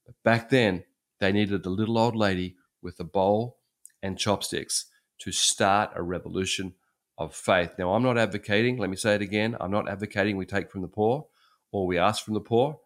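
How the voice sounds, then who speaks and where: Deep-voiced older man preaching. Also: fairly even intonation, normal speed. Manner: conversational, repeats and restarts phrases. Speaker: pastor. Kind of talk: sermon storytelling.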